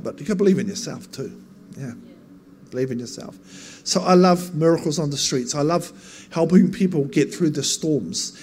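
A man preaching in an earnest, emphatic way, his voice sitting a little higher than most men's. He keeps pressing his points and lifts into louder bursts, over a faint hum of background noise. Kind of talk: sermon storytelling.

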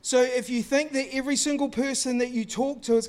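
High-voiced Kiwi preacher telling stories. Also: male voice, moderate pace, vocal fry. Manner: lively storytelling, acting out quoted dialogue; casual, slangy talk to the congregation. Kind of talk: sermon.

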